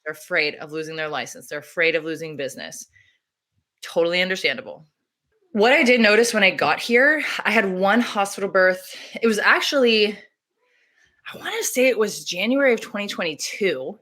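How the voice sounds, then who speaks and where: Woman doula, chatty interview guest, bright clear tone, laughs through her anecdotes. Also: mid-range voice, normal speed. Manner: animated, laughs often, acts out her own quotes. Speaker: doula and activist. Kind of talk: casual interview storytelling.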